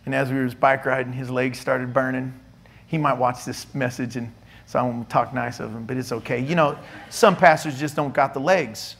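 A middle-aged male pastor preaching a sermon in a church, animated and teasing, playfully scolding his listeners. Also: mid-range voice, moderate pace, creaky, breathy edge.

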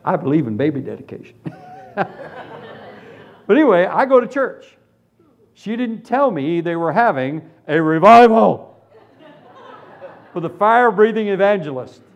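A man preaching a humorous sermon testimony, telling his story in an animated, self-deprecating way. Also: sits high, measured pace, long pauses. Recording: dull lo-fi recording.

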